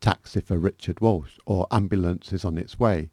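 A man's voice: sits low, normal speed, mellow, slightly rough, no echo. A man reading a personal memoir aloud as a guest, with dry, self-mocking humour. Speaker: guest author reading his work.

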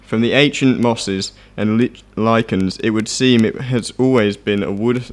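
A man on a radio show, reading a passage aloud steadily and clearly. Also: on the low side. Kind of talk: casual chat and reading aloud.

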